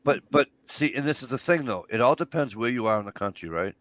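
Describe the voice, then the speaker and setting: A man's voice: mid-range voice, expressive, fast talker, fairly bright tone, no room sound. A man co-hosting a casual livestream chat, explaining his point in a rambling way with many restarts. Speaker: co-host.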